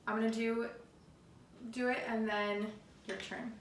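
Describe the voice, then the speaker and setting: A woman's voice: a little high, flat delivery, unhurried. Upbeat woman teaching a kids' music class. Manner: upbeat, encouraging, chants rhythms aloud. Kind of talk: remote music lesson for children. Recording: roomy, distant, noisy home video.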